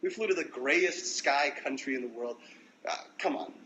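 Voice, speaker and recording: A young American man telling stories on a phone livestream in a loose, profane, animated way. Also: medium pitch, normal speed, a little hiss or hum, poor audio. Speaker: musician livestreaming to fans. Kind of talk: casual storytelling livestream.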